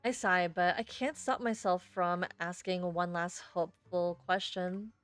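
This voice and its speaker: A woman's voice: on the low side, a little slow, clean tone, soft background music. A young woman streamer reading a story game aloud with chatty, self-deprecating asides.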